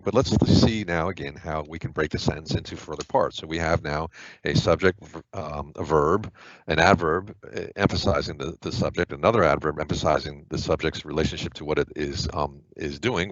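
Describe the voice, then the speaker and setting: A deep-voiced man talks through a grammar lesson like a relaxed tutor, loose and informal with plenty of fillers and asides. His voice sits very low, and the recording is dry, close and a little muffled. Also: dry recording. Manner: chatty and informal, with filler words and quick asides. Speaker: test prep tutor. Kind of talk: casual explanatory lesson.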